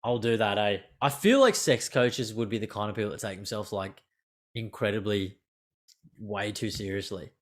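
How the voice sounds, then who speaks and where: A man's voice: lowish voice, moderate pace. A man hosting a podcast on a remote call, rambling loosely with lots of "like" and free swearing. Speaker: podcast host. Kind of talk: casual podcast chat.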